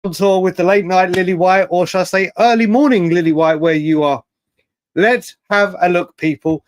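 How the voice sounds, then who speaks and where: Excitable man hosting a live stream. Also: high-pitched, normal speed, no echo, studio quality. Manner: excitable, rambling, slangy banter. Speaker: host of a live fan stream. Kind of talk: live stream chat reading super chats.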